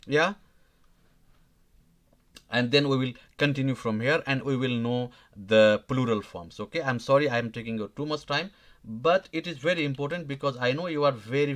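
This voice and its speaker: Male teacher, mid pitch, halting live lesson full of fillers and "okay?". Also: a bit bright. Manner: halting, many fillers and restarts, checks in with "okay?". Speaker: language teacher. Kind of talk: live online grammar lesson.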